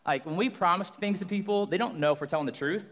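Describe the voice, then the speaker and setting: Loud joking guest preacher, high voice. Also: male voice, fast talker. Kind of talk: sermon. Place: church hall. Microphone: handheld or stage microphone. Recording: long reverb of a church hall.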